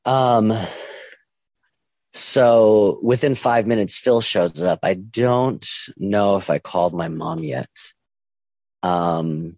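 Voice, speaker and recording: Low-voiced man telling a story, hesitant. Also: a little mellow, no echo. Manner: halting, many ums and restarts, acts out quoted voices. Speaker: storyteller recounting his own story. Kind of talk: casual first-person storytelling.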